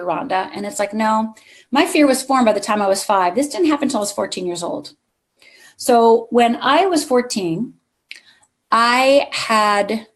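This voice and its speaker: A middle-aged woman giving a motivational keynote to a live conference audience, telling a personal story and speaking straight to the crowd. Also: fairly high pitch.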